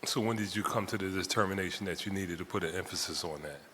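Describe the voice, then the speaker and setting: A deep-voiced man with a bright tone presses a witness at a council hearing. He interrupts and circles back over his points. His voice rings with long hall reverb over a faint hiss. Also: fast. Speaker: city council member questioning a witness. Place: city council hearing chamber.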